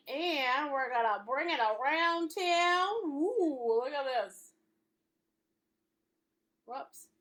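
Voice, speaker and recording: Silly, high-voiced woman art instructor; lively and unhurried, laughs a lot. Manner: playful, silly, laughs often. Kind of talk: live painting class instruction.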